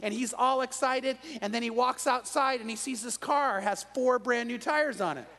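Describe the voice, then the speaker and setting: High-voiced pastor in a reverberant church. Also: male voice, moderate pace. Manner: animated storyteller with frequent restarts. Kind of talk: evening sermon. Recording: long reverb of a large room.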